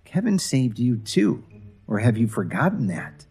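Man voicing a weary young wife, calm, sighing, husky. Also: medium pitch, a little slow, faint music behind, full character voice.

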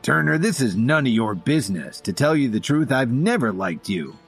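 A man's voice: mid-range voice, sing-song, normal speed, breathy edge, faint music behind. A man playing an arrogant spoiled young bully.

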